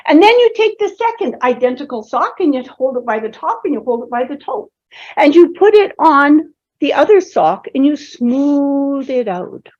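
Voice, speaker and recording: A woman's voice: sits high, a little mellow, lo-fi sound. Woman quoting a fussy husband's laundry orders. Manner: instructive, precise.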